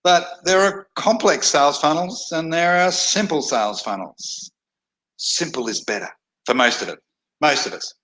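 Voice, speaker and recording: A man's voice: mid-range voice, pushed and bright, poor audio. Blunt, rambling man talking to camera. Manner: rambling, repeats and restarts phrases, blunt. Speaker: internet marketer. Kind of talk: casual talking-head monologue. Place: indoors at a desk in a hot tropical climate.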